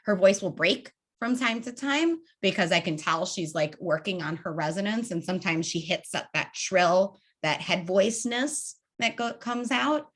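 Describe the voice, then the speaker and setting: A woman vocal coach leading a public speaking workshop, demonstrating breathing in an animated, conversational way. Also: mid-range voice, normal speed, hardly any pauses.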